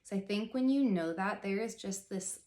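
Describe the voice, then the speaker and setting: Her mid-range voice is a little mellow and moves at a moderate pace, recorded with a roomy sound. This thirty-something faith vlogger recounts a personal story of faith, earnest and rambling, packed with "like" and casual side comments.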